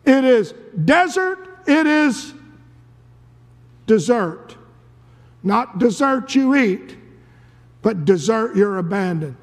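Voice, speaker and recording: A male preacher telling a story dramatically in a sermon, dropping to a hush and then rising to a shout. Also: high voice, takes it slowly. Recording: long reverb of a large hall.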